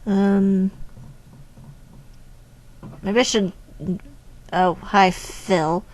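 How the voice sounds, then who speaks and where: A woman's voice: mid-range voice, fairly even intonation, drawn-out words, darkish tone. Wry woman chatting through a game. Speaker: game streamer. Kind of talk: casual playthrough commentary.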